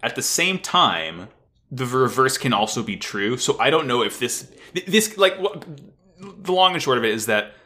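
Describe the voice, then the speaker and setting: Brief: male podcast co-host, lively swinging delivery, bright tone, profane and laughing. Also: mid-range voice, moderate pace. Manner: animated, profane, laughs often. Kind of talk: casual anime recap chat.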